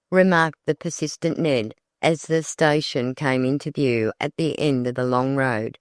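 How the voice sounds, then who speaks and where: Smooth, measured audiobook narrator. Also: mid-range voice, no room sound, clean studio sound.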